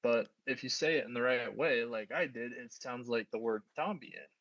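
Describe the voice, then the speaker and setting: A young man as a guest in a casual chat, telling a story in a low-key way. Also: moderate pace, a bit bright, dry recording, muffled recording.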